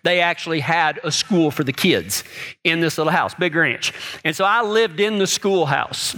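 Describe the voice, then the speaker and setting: A man's voice: a little high, normal speed, pushed and bright. A man preaching a sermon in a folksy, conversational way, telling personal stories, often repeating words and checking in with "okay?" and "right?".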